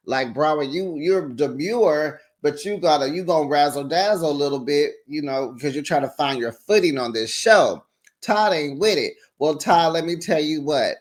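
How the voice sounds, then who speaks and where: A sassy man with a slightly high voice, talking fast and loose like he's dishing gossip with a friend. He acts out the other people's lines with big leaps in pitch, and he laughs between his remarks. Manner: sassy, animated, acts out quotes with sharp pitch jumps. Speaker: reality TV recap host. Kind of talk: casual chatty recap commentary.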